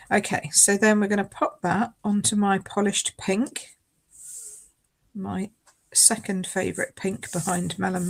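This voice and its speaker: A woman's voice: mid-range voice, creaky, breathy edge. A woman demonstrating card making in a live craft tutorial. She chats casually, often apologises and laughs along the way.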